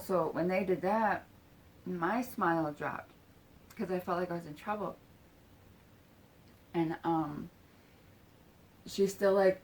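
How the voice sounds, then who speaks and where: In a casual, halting way, a woman tells a personal story full of fillers and swearing, acting out quoted lines and now and then dropping to a whisper. Her voice is on the low side and a little mellow, and the low-quality recording carries a bit of hiss or hum.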